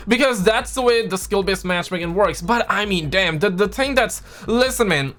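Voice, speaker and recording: A young man excitedly reacting to a gaming video, joking and mimicking voices. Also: high voice, moderate pace, hardly any pauses. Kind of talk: casual reaction commentary.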